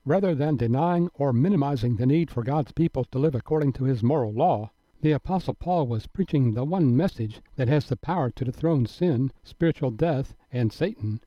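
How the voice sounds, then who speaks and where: A man delivering a scripted radio Bible teaching in a measured, earnest and emphatic manner. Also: mid-range voice, no echo. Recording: dry, dull lo-fi broadcast audio.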